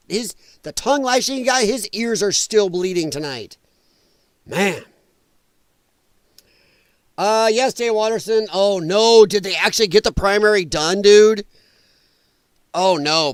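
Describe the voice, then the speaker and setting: Animated, high-voiced man hosting a stream. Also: clear, resonant tone, no room sound, studio quality. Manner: animated, rambling, quick to laugh. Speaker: livestream host reading chat. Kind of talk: casual political commentary stream.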